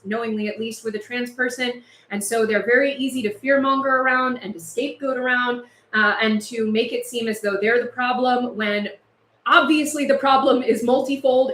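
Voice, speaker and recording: A woman with a slightly high voice hosts a casual livestream, talking with passion and laughing between points. She is overheated and sounds it. Her voice echoes in a bare room. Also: fairly bright tone. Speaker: livestream host. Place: house with no air conditioning.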